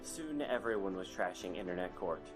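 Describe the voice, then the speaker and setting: A man playing a formal, lively court announcer. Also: low-pitched, moderate pace. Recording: game audio with loud music behind. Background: loud game music.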